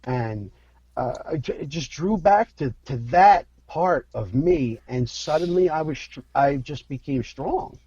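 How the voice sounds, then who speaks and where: A man's voice: on the high side, lively intonation, unhurried, dark tone, breathy edge, no echo, highs cut off. A man from Philadelphia, an actor guesting on a podcast, talking frankly with profanity and telling stories. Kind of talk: candid interview talk.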